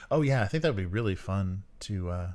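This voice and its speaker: A man's voice: on the low side, darkish tone. A man co-hosting a podcast in casual chat, rambling with many fillers and frequent chuckles. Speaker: podcast co-host. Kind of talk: casual chat about tabletop games.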